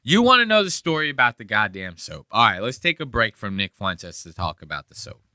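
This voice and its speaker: A man's voice: lowish voice, sing-song, fairly quick, bright, forceful tone, no echo, clean studio sound. A man hosting a podcast, chatting in a rambling, joking and profane way. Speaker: podcast host. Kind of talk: casual podcast commentary.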